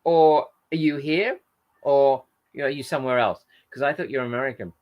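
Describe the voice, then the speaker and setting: A man's voice: mid-range voice, fairly quick, highs cut off. An Australian man hosting a casual livestream, reading viewer comments aloud and rambling in friendly chat.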